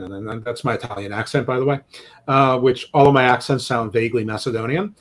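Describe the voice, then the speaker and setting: A man's voice: medium pitch, expressive, fast. A man co-hosting a casual sports podcast, rambling and joking, often stammering as he restarts his sentences. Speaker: podcast co-host.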